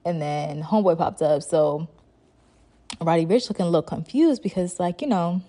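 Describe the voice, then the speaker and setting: A woman's voice: on the low side, normal speed, dark tone. A young woman hosting a podcast, retelling a show in a chatty, slangy way full of fillers. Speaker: podcast host. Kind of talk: casual storytelling monologue.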